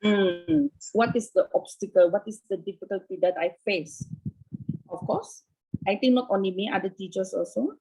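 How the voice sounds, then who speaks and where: A woman's voice: medium pitch, sing-song, moderate pace, vocal fry, a little mellow, husky, poor audio. A Malaysian English teacher in her fifties, answering interview questions over a video call, repeating herself and checking in with "okay".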